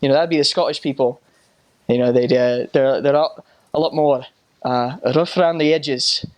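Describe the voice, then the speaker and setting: An American man recalls his years abroad in a relaxed, storytelling way. He stops and restarts often, filling gaps with ums and you-knows, at an ordinary middle pitch. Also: highs cut off. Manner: halting, with many restarts and fillers. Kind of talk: casual storytelling.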